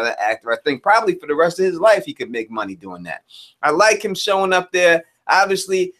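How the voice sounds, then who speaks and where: Give me a laid-back man on a casual live stream, a bit high-pitched, greeting the chat. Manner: laid-back, chatty, shouts out chat viewers. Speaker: co-host of a live review show.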